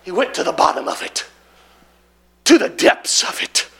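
A man preaching a sermon in church, building to shouts and drawn-out, emphatic phrases broken by "oh" and "hallelujah". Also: high-pitched, very animated, creaky, slightly rough. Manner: drawn-out emphatic delivery with interjected "oh" and "woo, hallelujah". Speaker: pastor.

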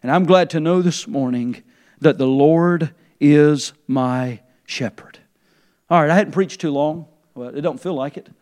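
A man preaching a sermon to his church, his voice sitting a little high for a man. He builds to a near shout when quoting scripture and sinks to a soft, low tone as he leads the congregation in prayer. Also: unhurried. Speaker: pastor. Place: church sanctuary.

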